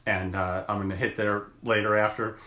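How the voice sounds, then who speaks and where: A man who works as a chiropractor gives a motivational daily video message, talking slowly and deliberately in gentle encouragement and drawing out words for emphasis. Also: fairly low pitch, flat delivery, echoey room.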